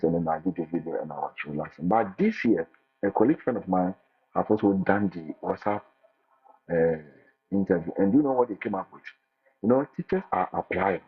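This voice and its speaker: A man's voice: low-pitched, breathy edge. Man on a tinny phone line. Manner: animated, repeats words and restarts, acts out quotes. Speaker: international teacher sharing his experience. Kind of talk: casual advice talk. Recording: phone-like line with faint music.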